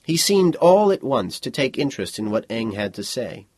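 A man narrating a novel as an audiobook, with an expressive delivery. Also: medium pitch, moderate pace, husky, no room sound, studio quality. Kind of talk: scripted narration.

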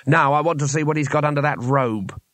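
Man playing a brisk commanding woman in a storybook, higher raised voice, dry close sound. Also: fairly bright tone, no room sound, lightly acted. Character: commanding impatient woman leader.

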